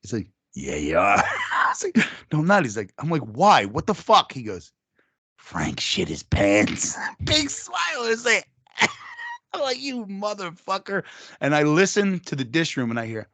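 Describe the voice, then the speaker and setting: A man's voice: fairly high pitch, wildly swooping pitch, normal speed, sharp tone, no room sound. A man co-hosting a podcast, telling crude stories in casual chat and laughing hard at them. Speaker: podcast co-host.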